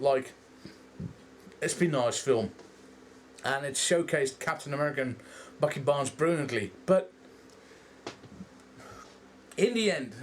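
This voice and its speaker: A young man with a Dutch accent, rambling through a casual, animated movie review and swearing freely. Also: fairly high pitch, a little hiss or hum. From Netherlands. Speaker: vlogger.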